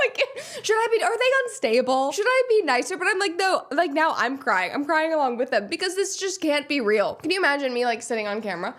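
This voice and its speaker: A woman hosting a casual pop-culture commentary show, sarcastic and animated and laughing often. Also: sits high, a little fast. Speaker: show host.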